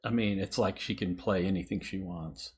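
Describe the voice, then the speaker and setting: A man's voice: sits low, moderate pace, a little mellow. A man hosting a casual music reaction chat, thoughtful, counting beats aloud and laughing often. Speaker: host.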